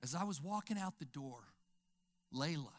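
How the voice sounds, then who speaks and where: An older male pastor preaching a sermon, telling stories and acting out dialogue, swinging from whispers to shouts. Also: a little high, lively intonation, normal speed.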